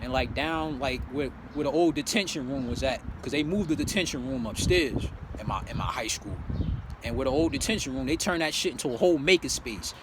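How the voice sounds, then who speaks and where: A young man in casual storytelling, animated and swearing freely, with many fillers. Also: medium pitch, a little fast, background noise. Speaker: vlogger.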